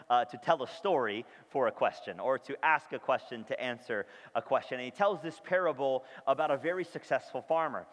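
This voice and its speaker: Man, pastor, sermon, fairly high voice, emphatic, asks the congregation questions, long echoing church hall. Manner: emphatic, keeps checking in with the congregation. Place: church sanctuary. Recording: long reverb of a large hall.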